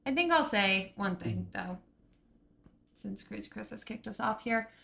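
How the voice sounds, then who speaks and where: A woman's voice: medium pitch, expressive, measured pace, creaky, pushed and bright. A woman co-hosting a comedy podcast with dry, sardonic timing. She delivers her jabs in an easy, level speaking voice. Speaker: podcast co-host.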